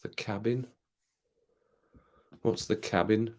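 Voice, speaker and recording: A man's voice: mid-range voice, brisk. Chatty British man hosting a stream. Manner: chatty, rambling, laughs often, reads comments aloud. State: drinking rum, occasional coughs. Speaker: live stream host. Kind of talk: casual chat with live viewers.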